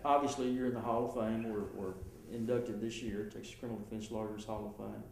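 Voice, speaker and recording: A man's voice: fairly low pitch, fairly even intonation, brisk, creaky, a little mellow. A man interviewing an older lawyer, asking questions hesitantly and stumbling over words. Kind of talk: oral history interview. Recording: echoey room, faint background noise.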